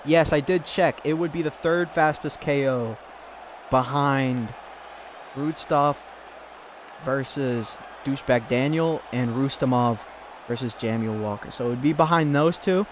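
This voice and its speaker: A man casually commentating a fighting game, excitable and giggly, rambling between calls. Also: mid-range voice, unhurried, a faint crowd, a little hiss or hum.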